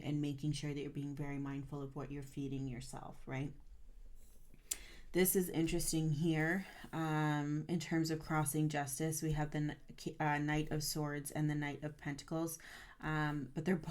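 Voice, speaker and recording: A woman with a low voice and little rise and fall, reading tarot cards to the camera. She talks in an earnest, encouraging way and keeps asking "right?" She grows stern and amped up as she urges the listener to keep going. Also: darkish tone. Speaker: tarot reader.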